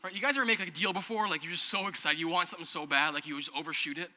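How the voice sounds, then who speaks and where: A man's voice: a little high, rapid-fire, sharp tone, in a large hall. A man preaching a sermon as pastor, joking in a conversational way and calling on the congregation to respond. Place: church auditorium.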